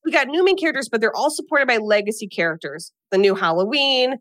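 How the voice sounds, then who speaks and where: A woman with a slightly high voice recaps a film for her podcast, talking casually and lively as she acts out the characters' lines. The sound is close and dry, with no room around her. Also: fast, no room sound. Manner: animated retelling with acted quotes and laughs. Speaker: podcast co-host.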